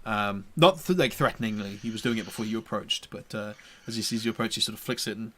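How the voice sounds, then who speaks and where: A man's voice: fairly low pitch, fairly bright tone. A man narrating as game master of a tabletop game, with frequent restarts and fillers. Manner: halting, many restarts and fillers.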